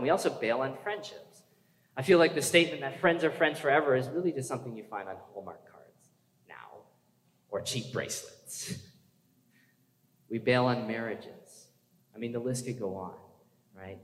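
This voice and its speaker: A man's voice: medium pitch, animated, a little fast, fairly bright tone. A man preaching a sermon in a conversational way, asking the congregation questions and building to urgent emphasis. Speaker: pastor. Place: church hall. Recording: echoey hall with long reverb.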